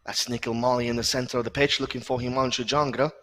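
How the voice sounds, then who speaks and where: Male football commentator, mid-pitched, brisk play-by-play with filler pauses, live stream. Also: little pitch movement, fairly bright tone.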